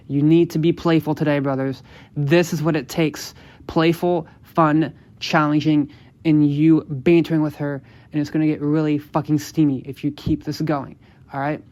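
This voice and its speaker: On his podcast, a man who coaches people on dating hammers home his advice, repeating instructions and swearing casually. He goes low and quiet whenever he performs example lines for listeners.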